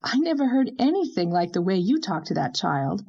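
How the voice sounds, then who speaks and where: A woman's voice: medium pitch, sing-song, normal speed, creaky, warm tone, husky, muffled recording, heavily acted. A woman voicing a young husband and father who protests in a teasing way.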